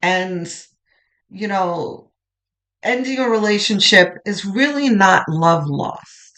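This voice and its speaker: Doing a pick-a-card tarot reading, this reader speaks gently and reassuringly, often restarting and letting lines trail off softly. The voice is medium-pitched and animated, and the pace is unhurried.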